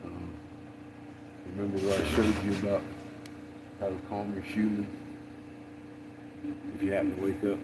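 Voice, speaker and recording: A man's voice: fairly low pitch, level tone, moderate pace, pauses often, heavy background noise. A man chatting casually on a road-trip vlog, laid-back, swearing freely and laughing often. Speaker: vlogger traveling with dogs. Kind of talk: casual chat.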